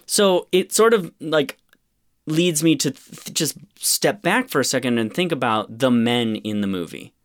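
A man's voice: mid-range voice, measured pace. A man co-hosting a podcast, ranting about a film with lots of swearing and exasperation. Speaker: podcast co-host reviewing a film. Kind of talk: casual chat.

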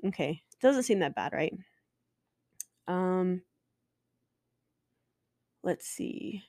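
A woman's voice: on the low side, animated, drawn-out words, mellow, dry recording, clean studio sound. A woman in her twenties, a podcast host telling a personal story candidly and emotionally, swearing and restarting often.

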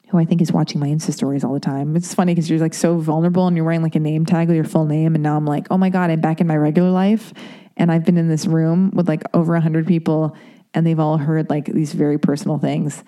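A woman's voice: sits low, mellow. A woman telling a candid personal story in a rambling, confessional way, full of "like" and "you know". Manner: rambling, confessional, heavy use of "like".

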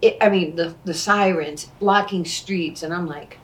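A woman in her sixties, an interview guest telling personal stories in an animated way and acting out what people said. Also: fairly low pitch, a little slow. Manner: animated, acts out quoted speech. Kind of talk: conversational storytelling. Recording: distant mic, faint ambience.

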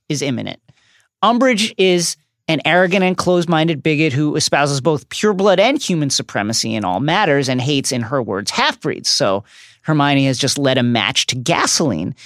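A woman's voice: very deep voice, no room sound. A woman co-hosting a book podcast, recapping the story with dry jokes. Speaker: podcast co-host.

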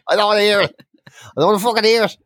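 A young man chatting on a podcast, ranting and swearing as he tells his stories. His voice sits high for a man. The sound is dry and close. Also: a little fast, a bit bright, no echo. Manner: sweary, ranting, exasperated storytelling. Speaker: podcast co-host. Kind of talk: casual chat.

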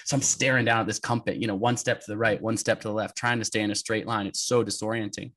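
A man from the United States, a podcast guest and adventurer, telling an energetic, emphatic story in conversation. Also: lowish voice, quick pace. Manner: energetic, emphatic, often laughing.

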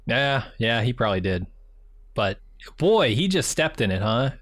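A man co-hosting a casual TV recap podcast, summarizing the plot in a plain, steady way. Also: mid-range voice, a little slow, no echo, studio quality. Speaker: podcast co-host.

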